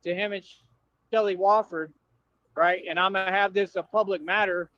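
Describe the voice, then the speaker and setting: A man's high-pitched, sharp voice, fairly even in intonation and moderate in pace, carries a confrontational, slangy livestream rant at his viewers, full of repetition. The audio is dull and dry.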